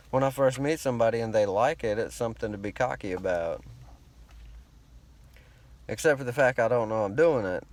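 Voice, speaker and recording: This vlogger has a fairly low, slightly mellow voice. He speaks with a laid-back drawl in a rural American country accent, wandering through a profane, self-conscious monologue.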